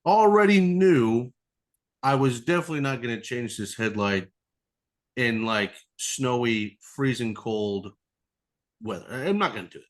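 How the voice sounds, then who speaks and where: A man's voice: mid-range voice, normal speed, a bit bright. A man who is a podcast guest, telling a rambling story in casual chat, swearing freely and acting out the other people in it. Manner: rambling, swears a lot, acts out voices.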